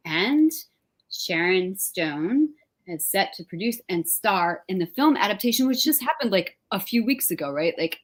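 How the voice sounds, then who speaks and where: A woman's voice: sing-song, measured pace. A woman from New Jersey hosting an interview over a video call, light-voiced and gushing, with many "like" fillers. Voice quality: light, high voice. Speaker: host. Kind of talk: conversational interview.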